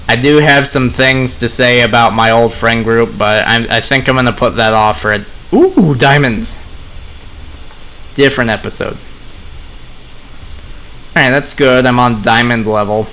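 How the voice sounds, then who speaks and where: Bright-voiced man chatting over gameplay. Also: mid-range voice. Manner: relaxed, rambling, talks to viewers. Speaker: gaming vlogger. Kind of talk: casual commentary while playing.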